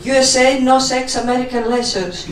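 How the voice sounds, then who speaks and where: A woman doing a stand-up comedy set, delivering blunt, deadpan one-liners on a club stage. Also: high voice, normal speed, a little hiss or hum. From Russia. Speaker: stand-up comic. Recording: roomy live club sound from a distance.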